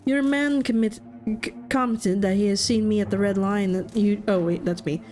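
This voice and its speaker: A woman's voice: medium pitch, fairly even intonation, moderate pace, a little mellow, natural voice. A woman voicing a polite, nervous male university professor who stumbles over his words. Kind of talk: game voice acting.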